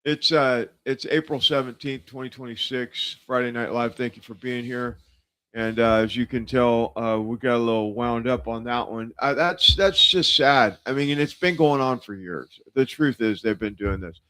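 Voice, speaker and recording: A man's voice: medium pitch, moderate pace, bright, forceful tone, clear, resonant tone. A man hosting a casual political livestream, rambling with lots of fillers and restarts. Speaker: livestream show host. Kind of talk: casual political talk show.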